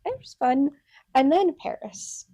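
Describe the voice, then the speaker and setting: A woman's voice: high voice, animated, a little slow, warm tone, dry recording, clean studio sound. A woman in her twenties co-hosting a podcast at home, rambling casually with lots of "like" and laughter. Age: 20s. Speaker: podcast co-host. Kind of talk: casual chat. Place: home room. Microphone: podcast mic.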